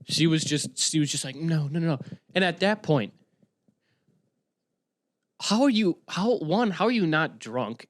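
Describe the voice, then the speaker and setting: Excitable rambling young man, dry close mic. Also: mid-range voice, no echo. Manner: rambling, excitable, swings into sudden yelling. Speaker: podcast host. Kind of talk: casual solo podcast monologue.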